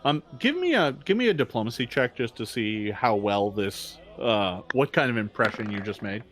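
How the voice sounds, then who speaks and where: Game master, man, animated pitch, loose rambling narration. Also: moderate pace. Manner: rambling, many fillers and restarts.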